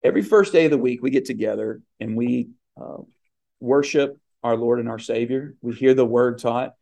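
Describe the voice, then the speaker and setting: A man's voice: medium pitch, gravelly, warm tone. A man preaching a communion sermon in an earnest, emphatic way, with fillers and restarts.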